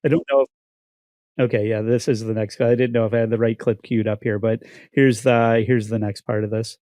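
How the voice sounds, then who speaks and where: A man's voice: mid-range voice, flat delivery, brisk, dark tone, no room sound. Swearing male podcast host, dry sound. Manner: profane, ranting, many restarts. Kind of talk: casual podcast commentary.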